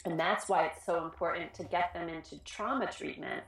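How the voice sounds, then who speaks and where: A woman who works with children in schools, giving an informal talk on trauma, earnest and animated, often restarting her sentences. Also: fairly low pitch, fairly quick, reverberant. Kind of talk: informal educational presentation.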